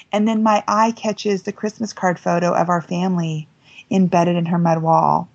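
A woman guest telling a story on an interview podcast, lively and acting out quoted voices. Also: fairly high pitch, normal speed, highs cut off. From United States. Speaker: guest author. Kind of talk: animated storytelling.

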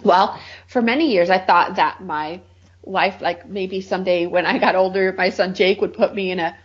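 Earnest husky woman telling her story. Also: on the low side, normal speed, muffled recording. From Michigan. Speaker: guest. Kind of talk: interview, personal testimony.

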